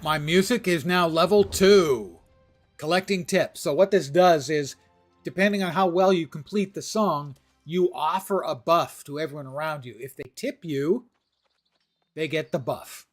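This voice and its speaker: Man, gaming livestreamer, wry, self-deprecating, slightly high voice, faint background music. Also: measured pace. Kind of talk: casual gaming commentary.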